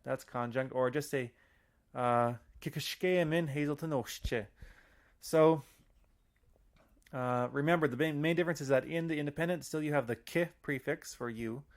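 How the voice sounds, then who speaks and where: Guy teaching a language lesson, loose and chatty, lots of uh's, slows down for the example phrases. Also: mid-range voice. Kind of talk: casual audio lesson.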